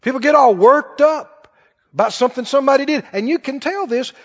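High-pitched preacher guy, talks animated and chatty to the church, muffled sound with long hall echo. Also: fairly quick. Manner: animated, conversational, acts out quoted voices. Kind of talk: sermon. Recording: dull recording with long hall reverb.

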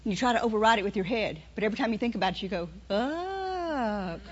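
A woman preaching a sermon, telling stories and acting out voices with lively delivery. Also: mid-range voice, very fast, husky, highs cut off. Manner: storytelling, animated, acts out inner voices.

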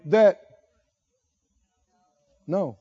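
A man's voice: sits high, drawn-out words, dark tone, slightly rough, highs cut off. A man preaching a sermon, asking rhetorical questions and repeating lines for emphasis. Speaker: pastor.

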